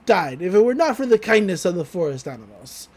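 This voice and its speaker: A podcast host voicing a formal, earnest merman teen boy in a lowered voice. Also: very animated, brisk, darkish tone. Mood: solemn. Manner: stiff, formal phrasing.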